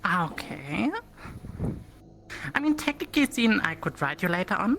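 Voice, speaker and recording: German woman with an accent, hesitant and giggly, lively pitch, music behind. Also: normal speed. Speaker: fellow streamer. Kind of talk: casual chat.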